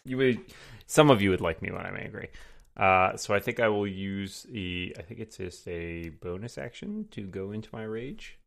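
A man's voice: on the low side, lively intonation, moderate pace, gravelly, a bit bright. A man playing a tabletop game, asking rules questions and cracking jokes. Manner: jokey, asks rules questions. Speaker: player.

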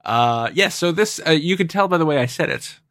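A man's voice: fairly high pitch, expressive, brisk, a bit bright, no room sound, clean studio sound. A man hosting a podcast, chatting casually and joking with a guest, laughing often. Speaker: podcast host. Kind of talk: casual chat.

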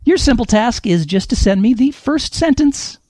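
A man's voice: extremely high pitch, lively intonation, moderate pace, darkish tone. A man hosting a comedy panel game, reading book blurbs aloud with playful, laughing, dramatic delivery. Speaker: host.

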